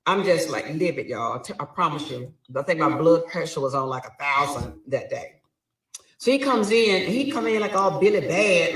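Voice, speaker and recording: A woman's voice: sits low, lively intonation, moderate pace, fairly bright tone, very echoey, distant mic, low-quality recording. A woman telling a story dramatically, acting out both sides of a quarrel. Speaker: guest telling her story. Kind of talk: animated storytelling.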